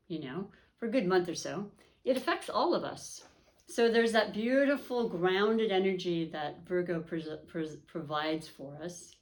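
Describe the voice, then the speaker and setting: A woman's voice: fairly low pitch, a little mellow. A woman hosting an astrology and tarot reading, talking to viewers in a chatty, upbeat way with many fillers and restarts. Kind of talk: casual spoken reading to camera.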